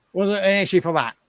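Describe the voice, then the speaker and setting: A man chatting casually on a live stream, rambling and thinking aloud as he sorts through things at home. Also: high voice.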